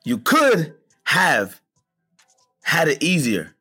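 A man's voice: fairly high pitch, wildly swooping pitch, extremely slow, pushed and bright, husky, faint music behind. A man cohosting a podcast, encouraging his guest with short affirmations and a preacher-like manner. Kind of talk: casual chat.

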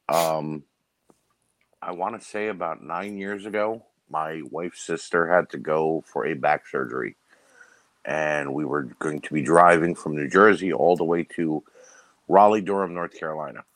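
A man on a podcast panel, chatting casually and telling animated stories, often giggling and imitating other people's voices. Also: deep voice, no echo. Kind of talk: casual chat.

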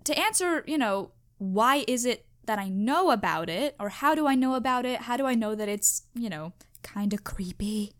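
A young woman hosting a podcast, chatting casually and emphatically on her own, animated and self-reflective. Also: a little high, moderate pace, hardly any pauses. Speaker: podcast host. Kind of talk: casual solo chat.

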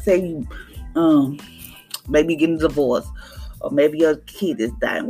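A woman's voice: sits low, brisk, a little mellow, faint music behind. A woman hosting a podcast devotional, teaching in a casual, conversational way and acting out little voices. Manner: conversational, preachy, acts out voices with laughs.

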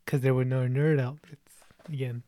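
A man's voice: medium pitch, level tone, moderate pace, mellow, no room sound. Young man, movie chat host, lots of ums and laughs, dry close sound. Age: 20s. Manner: chatty, laughs often, many fillers. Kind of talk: casual chat.

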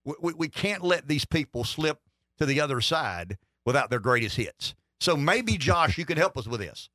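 A man's voice: a little high, very animated, normal speed, bright, forceful tone, no echo, studio quality. A middle-aged man hosting a political talk radio show, rambling and wry, with lots of restarts. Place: radio studio.

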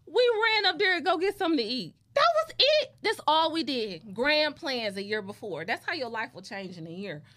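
A woman's voice: high-pitched, big pitch swings, moderate pace, hardly any pauses, a bit bright. A woman in her thirties telling a story in a casual chat and talking straight to the audience as y'all. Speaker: guest.

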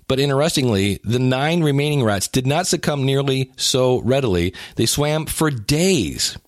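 This health and weight-loss talker delivers a casual monologue on exercise and shedding pounds, cracking self-deprecating jokes and frequently starting over mid-thought. His voice is medium-pitched, and the audio is studio quality without echo.

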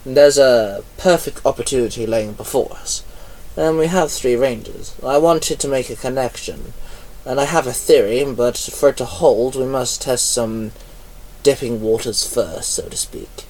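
A sly schemer with a devilish streak , played by a man reading aloud, lays out his plan in an easy, explaining way. The voice sits at a middling pitch. It's recorded a little away from the mic. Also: measured pace, darkish tone, close to an everyday voice. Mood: scheming. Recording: voice a bit far from mic.

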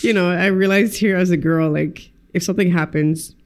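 A woman, a podcast guest, telling stories in lively casual chat, acting out quotes and swearing freely. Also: fairly low pitch, moderate pace. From United States. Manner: animated storyteller who acts out quotes and swears freely.

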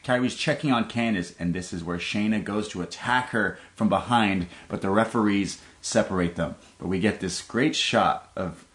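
Low-voiced man laughing through recaps. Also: normal speed, hardly any pauses. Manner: laughs often, lively storytelling. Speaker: podcast co-host. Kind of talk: casual chat recapping wrestling.

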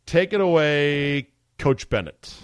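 A man's voice: a little high, animated, slow, clear, resonant tone, dry recording. A male podcast host, chatting casually and easily amused, with frequent fillers. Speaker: sports radio podcast host.

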